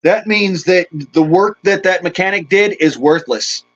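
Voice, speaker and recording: Speaking a little slowly in a high voice, a middle-aged man on a livestream vents in a shaken, furious, foul-mouthed rant and greets people in chat. The stream audio is dull and lo-fi.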